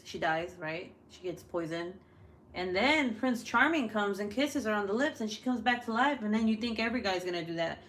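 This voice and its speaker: A woman chats casually with her viewers during a live stream, loose and chatty, laughing a lot and swearing freely. Her voice is medium-pitched and fairly bright, with slight background noise.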